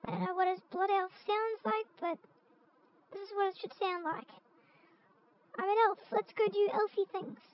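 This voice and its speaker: A tiny female fantasy creature with a squeaky, extremely high voice. She chats casually and sounds unsure. The sound is a dull, lo-fi headset mic. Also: fairly even intonation, normal speed, pauses often, slight background noise. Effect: voice-changer filter.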